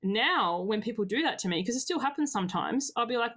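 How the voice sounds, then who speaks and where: A woman in her thirties or forties telling frank personal stories as a podcast guest, expressive and lively. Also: medium pitch, fast talker, hardly any pauses. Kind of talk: candid personal storytelling.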